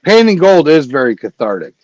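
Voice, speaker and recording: Man, livestream host, casual rambling chat, filler pauses, fairly high voice. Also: sing-song, no room sound, muffled recording.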